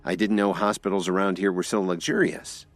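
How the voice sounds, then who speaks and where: A man voicing a gentle young man recovering in a hospital bed. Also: low voice, little pitch movement, a little fast, no echo, faint music behind, natural voice.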